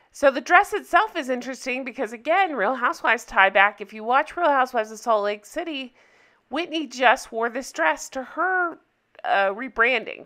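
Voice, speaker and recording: A woman's voice: a little high, sharp tone. A woman chatting casually as she recaps a TV episode, gushing and talking straight to her viewers. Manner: chatty, gushing, addresses viewers as you guys. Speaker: TV recap vlogger.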